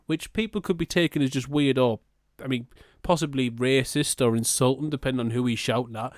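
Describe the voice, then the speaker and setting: A man's voice: mid-range voice, brisk, few pauses, dry recording. Man, podcast co-host, sweary riffing chat, dry close sound. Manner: sweary, riffing, playfully exaggerating. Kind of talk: casual comedic chat.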